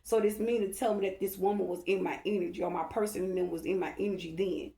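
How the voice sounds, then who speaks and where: A woman's voice: medium pitch, steady tone, fast, warm tone. Rambling woman in an echoey room. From Dallas-Fort Worth area, Texas. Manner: rambling, emphatic, repeats herself, often asks "okay?". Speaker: spiritual reader. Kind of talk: casual storytelling to her followers.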